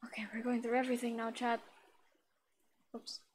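A woman's voice: fairly high pitch, completely flat delivery, normal speed, a little mellow, a little hiss or hum. A woman streaming a game live, chatting with viewers and reading the dialogue aloud in a playful, chatty way. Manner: chatty, playful, giggly asides.

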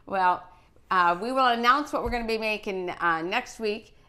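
A woman's voice: medium pitch, moderate pace, sharp tone. A woman in her sixties hosting a live cooking show, chatty and encouraging, reading out greetings from viewers. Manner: frequent fillers and restarts. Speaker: host of a children's cooking show.

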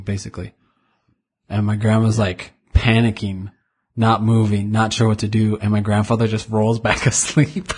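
Low husky guy on a podcast, rambling stories, laughs a lot. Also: completely flat delivery, normal speed, a little mellow. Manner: rambling anecdotal storytelling, chuckles often. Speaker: podcast co-host. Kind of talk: casual chat.

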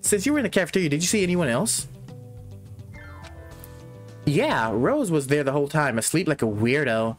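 A man's voice: fairly high pitch, big pitch swings, normal speed, long pauses, soft background music. A man hosting a gaming channel, reading a game's character lines aloud and breaking off to comment and laugh. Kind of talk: reading game dialogue aloud with reactions.

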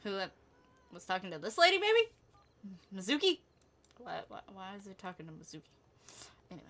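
A woman's voice: medium pitch, big pitch swings, a little fast, pauses often. Chatty giggly young woman gaming. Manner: chatty and giggly, often laughing, exclaiming loudly at the game. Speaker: gameplay commentator. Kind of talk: casual let's-play commentary.

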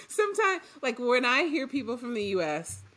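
A woman from Trinidad co-hosting a podcast in casual chat, animated and laughing often. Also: high voice. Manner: animated, laughs often, trails off mid-thought. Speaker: podcast co-host.

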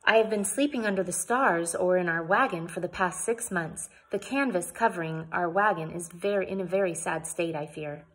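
A woman reading aloud and voicing a genteel, cheerful pioneer lady who speaks formally and politely, with a breathy voice. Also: on the low side, normal speed, few pauses. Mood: wistful.

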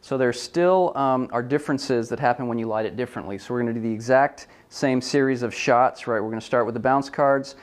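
A man's voice: medium pitch, a little fast, hardly any pauses. Man explaining a product photo setup. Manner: relaxed, thinking aloud with frequent ums and self-corrections. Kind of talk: hands-on tutorial demonstration.

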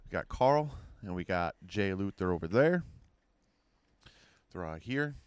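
A man's voice: low voice, animated, a little slow, clear, resonant tone, no room sound. A man co-hosting a casual comedy podcast, joking and rambling, poking fun at himself. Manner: joking, rambling, self-deprecating. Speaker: podcast co-host. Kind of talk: casual chat.

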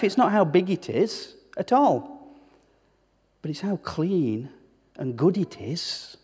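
Delivering a sermon in a church hall with long reverb, a man serving as pastor speaks emphatically, asking the congregation rhetorical questions and repeating words to build his argument. His voice is high-pitched, with a darkish tone and a breathy edge.

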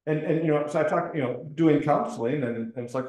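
A man's voice: a little high, fairly quick, darkish tone. Chatty man leading a Bible class. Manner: conversational, asks the class questions, frequent ums. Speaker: Bible study leader. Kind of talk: teaching an adult Bible study class. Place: church classroom. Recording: roomy echoing room.

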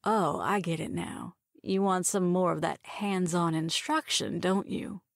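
A woman's voice: on the low side, unhurried, gravelly, no room sound. A woman reader voicing a self-assured woman doctor and pilot who speaks in a dry drawl. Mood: wry.

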